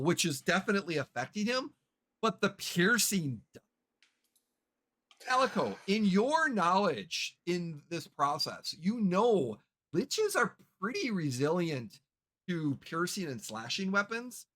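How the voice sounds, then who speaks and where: Slow, lively-pitched game master. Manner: halting, with many fillers and restarts. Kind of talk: narrating a tabletop game.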